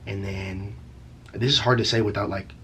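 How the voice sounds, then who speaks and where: A man's voice: fairly low pitch, steady tone, moderate pace, a bit bright, slight background noise. A young man telling a story from his teen years in a casual vlog, rambling and profane, packed with slang fillers. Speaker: vlogger.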